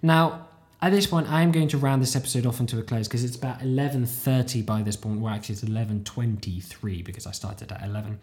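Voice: fast, a little mellow. A podcast host talking alone in a casual, rambling, self-deprecating way, a little tired late at night. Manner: rambling, self-deprecating, jumps into squeaky high voices for inner thoughts. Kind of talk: casual solo monologue.

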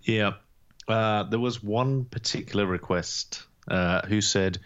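A man's voice: lowish voice, slow, a bit bright, clean tone. A man co-hosting a podcast in casual chat, dropping dry, joking asides. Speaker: podcast co-host. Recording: dull lo-fi recording.

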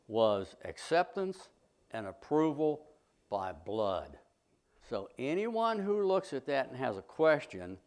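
A middle-aged man, a sculptor, giving a folksy, plainspoken talk to a history club, full of anecdotes and blunt opinions. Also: mid-range voice.

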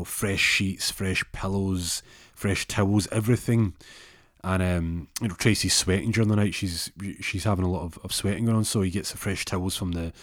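A man spins a comic story, rambling and restarting as he goes. His voice sits low. The sound is dry and close, with no room around it. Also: no echo. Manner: rambling, many restarts and fillers.

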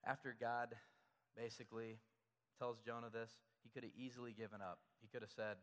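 A man's voice: lowish voice, level tone, fairly quick, in a large hall. A man preaching a sermon as pastor, talking conversationally and repeating key phrases for emphasis.

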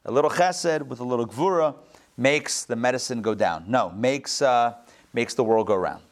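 A rabbi giving a live Torah class, animated, with joking asides and quick self-corrections. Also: male voice, mid-range voice.

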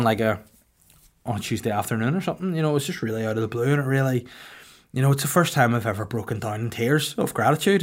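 Northern Irish man, crude deadpan jokes. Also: medium pitch. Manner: crude, deadpan comic storytelling. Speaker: podcast host. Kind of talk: casual comedic podcast chat.

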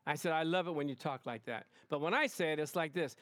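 A male pastor preaching a lively sermon to his congregation, emphatic and excitable, often calling out "Amen?". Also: a little high, fast talker, few pauses, no room sound, clean studio sound. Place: church service in front of a congregation.

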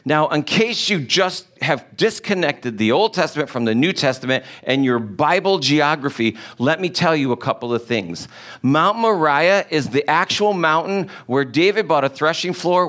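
Animated male preacher, slightly high voice. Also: unhurried. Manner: animated, emphatic rhetorical questions. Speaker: pastor. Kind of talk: sermon.

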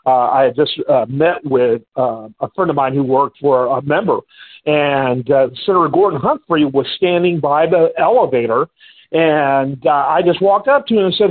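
A high-voiced, husky man hosts a radio talk show and chats with his guest. He tells his stories in an animated way and talks right through his fillers. The sound is thin and phone-like. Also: normal speed. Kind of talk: casual on-air chat.

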